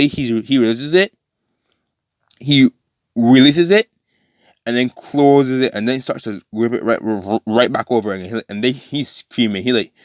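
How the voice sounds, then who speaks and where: A man tells a fan-made story in a loose, rambling way, stopping and restarting often. His voice sits at an ordinary middle pitch. The sound is dry and close, with no room echo. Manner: rambling, full of fillers and restarts. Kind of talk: casual retelling of a fan story.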